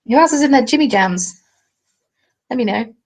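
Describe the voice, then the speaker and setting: Chatty southern English woman, gravelly edge. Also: a little high, lively intonation, normal speed, rough recording. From England. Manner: chatty, jokey, reads viewer comments aloud. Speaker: craft vlogger. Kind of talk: casual live-stream chat. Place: at home, seated. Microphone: webcam.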